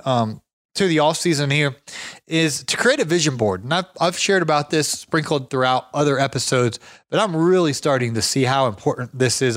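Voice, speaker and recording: Male podcast host, a bit high, energetic and chatty, close dry mic. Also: dry recording. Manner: chatty, energetic, chuckles often. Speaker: podcast host giving business advice. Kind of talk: casual motivational talk with anecdotes.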